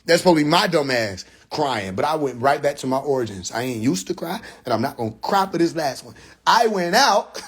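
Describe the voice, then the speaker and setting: Husky man telling stories, laughing. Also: mid-range voice, brisk, hardly any pauses. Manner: animated, laughs often, profane, sound effects. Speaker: live streamer. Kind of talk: casual storytelling on a live stream.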